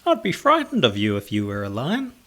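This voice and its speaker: A man's voice: mid-range voice, huge pitch swings, fairly quick, sharp tone, exaggerated voice. A man voicing a tired female tortoise who answers in a dry, wry tone.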